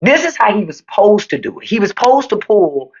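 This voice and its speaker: Woman on a live stream talking to y'all, animated pitch, kinda dull lo-fi audio. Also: fairly quick, background noise. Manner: playful, laughs often, talks to viewers as y'all. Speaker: podcast host on a live stream. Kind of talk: casual livestream commentary.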